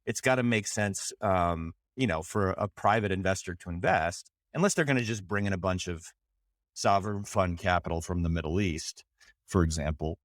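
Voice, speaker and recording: A man's voice: low voice, normal speed, dry recording, clean studio sound. A man co-hosting a podcast in a loose, joking way, swearing freely and trailing off with fillers. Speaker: podcast co-host. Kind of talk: casual chat.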